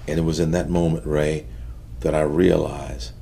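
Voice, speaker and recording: A middle-aged man with a deep, gravelly voice tells his life story in an interview. He talks in an earnest, halting way and sinks quieter when the memories weigh on him. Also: little pitch movement, slight background noise. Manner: earnest, halting storytelling that drops soft at heavy moments. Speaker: interview guest. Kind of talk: personal testimony in an interview.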